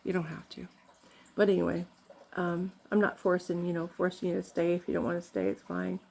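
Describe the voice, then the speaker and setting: A woman's voice: fairly low pitch, little pitch movement, brisk, vocal fry, darkish tone. An older woman from Canada telling rambling, funny family stories in a casual vlog, laughing often. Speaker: vlogger.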